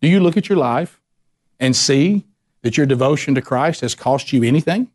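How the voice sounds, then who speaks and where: A man's voice: mid-range voice, animated, normal speed, a little mellow. A man preaching a sermon as a pastor, emphatic and conversational, asking the congregation questions.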